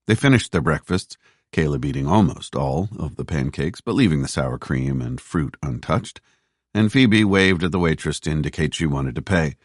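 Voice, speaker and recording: A man narrating a thriller audiobook with a very deep, lively voice. His reading is measured and steady. The sound is dry and close to the mic. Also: dry recording. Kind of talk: scripted narration.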